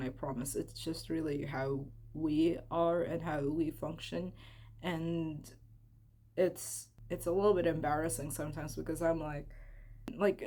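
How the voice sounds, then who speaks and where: A woman's voice: on the low side, a little mellow. A young woman from the Philippines chatting casually to her viewers while she crafts, giggly and self-conscious, rambling as she goes. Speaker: vlogger.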